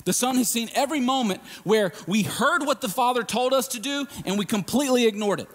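A man preaching a sermon in a casual, emphatic way, swinging from hushed lines to shouted ones. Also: extremely high pitch, fairly quick, big-room sound.

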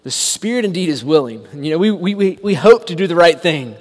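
A man preaching a sermon, emphatic, asking rhetorical questions and dropping to a hushed voice for quotes. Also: on the high side, lively intonation, a little fast, long reverb tail. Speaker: pastor.

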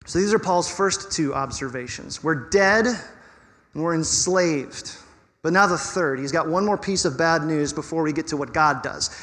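A man's voice: on the high side, a little slow. Pastor guy preaching, talks right to the room, lots of questions, bit of hall echo. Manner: conversational, animated preaching with rhetorical questions. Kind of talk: sermon. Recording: long reverb of a hall.

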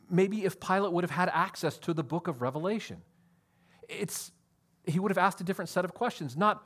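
High, lively-voiced preaching man. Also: a little fast, breathy edge. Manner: earnest, emphatic, addresses listeners as friends. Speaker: pastor. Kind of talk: sermon.

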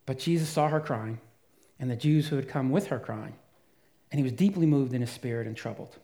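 A man preaching a sermon as pastor, earnest and emphatic, dropping to a soft voice for quiet moments. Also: medium pitch, brisk.

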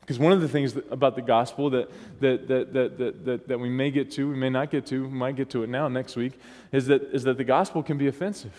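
A man's voice: mid-range voice, steady tone, fast talker, hardly any pauses, darkish tone. A man preaching a sermon as pastor, talking casually and often asking the congregation for responses. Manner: conversational, asks the congregation for responses. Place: church. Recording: long hall reverb.

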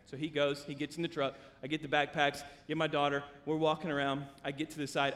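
A male pastor preaching a sermon, telling stories animatedly with big swings from loud to hushed. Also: on the high side, level tone, quick pace, few pauses. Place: church sanctuary. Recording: long church hall reverb.

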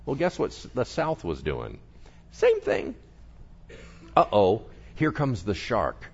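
A man preaching an energetic, conversational sermon with humor, talking straight to the congregation. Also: fairly low pitch, moderate pace, vocal fry, husky, highs cut off. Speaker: pastor.

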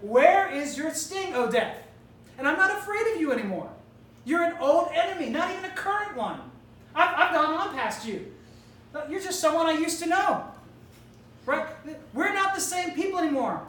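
A woman's voice: extremely high pitch, sing-song, normal speed, a bit bright, a little hiss or hum. A woman preacher delivering an emphatic, rhetorical sermon in which she challenges death directly. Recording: roomy hall, distant mic, faint ambience.

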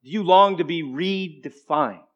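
Guy preaching a sermon, fairly high voice, goes big then drops to a hush, lots of asides to the crowd. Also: unhurried, lo-fi sound. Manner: emphatic preaching with dramatic swings between loud declarations and hushed asides; conversational asides to the congregation. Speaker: pastor.

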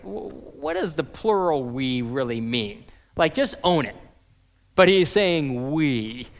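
A man's voice: a little high, clean tone, big-room sound. A man preaching a sermon as pastor, conversational, acting out scripture dialogue in casual modern phrasing.

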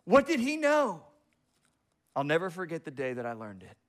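A man preaching a sermon, telling stories with acted-out quotes and big swings between loud and quiet. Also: fairly high pitch, huge pitch swings, moderate pace.

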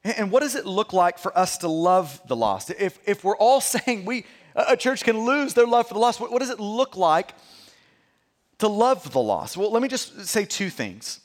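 A man's voice: sits high, sing-song, moderate pace, big-room sound. A man preaching a sermon as pastor, earnest and sometimes stumbling over repeated words. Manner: earnest, repeats words when stressing a point.

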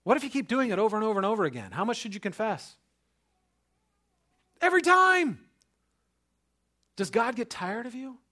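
A man's voice: high voice, lively intonation, racing, few pauses. A man in his thirties, a pastor, telling a personal story in a casual way and then preaching with emphatic, building conviction.

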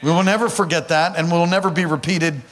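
A pastor whose voice is a little high talks fast through an animated sermon, his words ringing out in the big room of a large hall or church. He weaves in a personal story and speaks right to his congregation.

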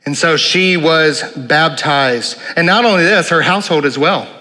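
A man's voice: on the high side, normal speed, sharp tone. A man preaching a sermon in earnest, asking rhetorical questions and repeating key phrases. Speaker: pastor. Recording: long hall reverb.

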